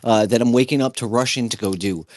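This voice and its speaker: A man's voice: medium pitch, fast, no room sound. A man telling a rambling, profanity-filled anecdote in casual chat.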